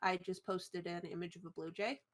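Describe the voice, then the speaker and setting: A woman's voice: on the low side, fairly even intonation, moderate pace. A woman playing a tabletop role-play game, chatty and rambling with frequent laughs.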